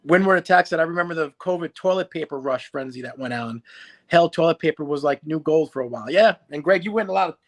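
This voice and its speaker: A man's voice: on the high side, expressive, fast. A man co-hosting a live stream, reading viewer comments aloud and giving short agreeing replies. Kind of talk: casual live-stream chat.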